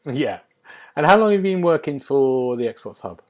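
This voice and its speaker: Speaking at normal speed in a very animated, medium-pitched voice, a man hosts a casual podcast over a remote call. He's a friendly interviewer who laughs a lot and peppers his questions to the guest with "um"s and other fillers.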